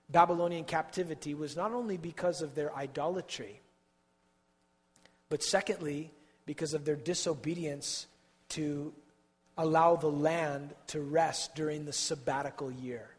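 A man preaching a sermon with passion, swinging from hushed tones to loud outbursts and repeating words as he builds. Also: on the high side, steady tone, measured pace. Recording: long hall reverb.

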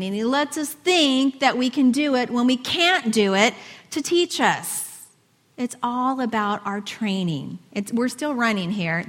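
A woman's voice: a little high, fairly bright tone, in a large hall. A woman giving a conversational sermon, reading scripture and asking her listeners questions. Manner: conversational, asks the audience questions, reads scripture aloud. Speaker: preacher.

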